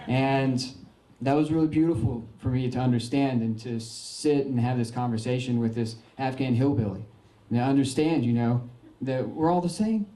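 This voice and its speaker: A young man gives a folksy, earnest slideshow talk, stumbling through fillers and restarts. His voice is mellow and dark. The room around him is echoey. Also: mid-range voice, normal speed, few pauses. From Arkansas, United States. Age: young adult. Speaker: veteran giving a slideshow talk. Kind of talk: informal public talk.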